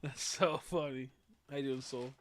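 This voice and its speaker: A man's voice: mid-range voice, steady tone, moderate pace, slight background noise. Crude, laughing young male streamer. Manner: laughing, crude, swears freely, playfully ranting. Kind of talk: casual live-stream chat.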